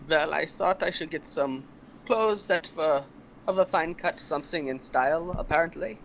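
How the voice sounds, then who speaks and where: A man's voice: fairly high pitch, moderate pace, gravelly, a bit bright, slight background noise. A man playing a stiff, formal bounty hunter in a tabletop game, with stilted, polite phrasing. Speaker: player.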